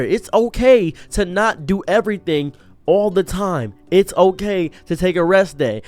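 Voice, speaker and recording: A man giving an earnest motivational monologue, preachy and direct, acting out the voices he quotes. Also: high voice. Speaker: streamer giving a pep talk.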